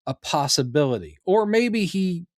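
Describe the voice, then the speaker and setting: A man's voice: high-pitched, normal speed, no room sound, studio quality. A man co-hosting a podcast, casually talking through a TV episode and often acting out the characters' lines. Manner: animated, acts out characters' lines in quotes. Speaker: podcast co-host. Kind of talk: casual discussion of a TV show.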